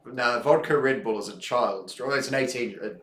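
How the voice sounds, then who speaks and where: Man, mid pitch, dry teasing, casual swearing, roomy echo. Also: moderate pace, fairly bright tone, a little hiss or hum. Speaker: stream co-host. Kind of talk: casual race commentary banter.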